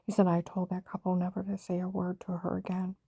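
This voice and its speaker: A woman's voice: fairly low pitch, monotone, fast, creaky, dark tone, husky, no room sound. An older woman giving an urgent, rambling personal account of her own experiences. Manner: intense, urgent storytelling. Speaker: vlogger telling her own story.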